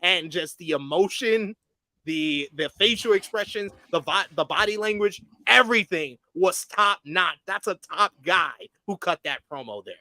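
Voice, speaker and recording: A man co-hosting a wrestling review podcast, talking casually and getting animated when excited. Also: sits high, moderate pace, no echo.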